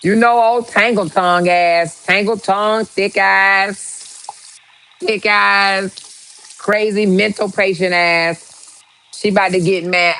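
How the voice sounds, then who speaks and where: A woman vlogger in casual reaction mode, talking to her viewers at a slow, drawn-out pace. She is loud with exclamations and swears freely, with her voice sitting in an ordinary middle register. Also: mid-range voice, steady tone, low-quality recording. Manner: profane, exclamatory, talks to viewers. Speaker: vlogger host.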